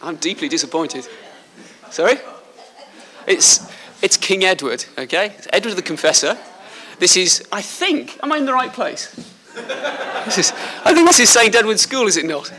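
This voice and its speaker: Man, Liverpool accent, surgeon, school talk, chatty, bright forceful voice. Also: high-pitched, big pitch swings, moderate pace. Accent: Liverpool English. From Liverpool, England. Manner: chatty, joking with the audience. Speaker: guest speaker, surgeon. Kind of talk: school speech. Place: school hall.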